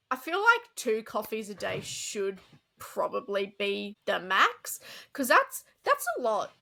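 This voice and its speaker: A woman's voice: a little high, sharp tone. A woman co-hosting a podcast in casual chat, chatty and exasperated, laughing often as she tells work stories. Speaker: podcast co-host.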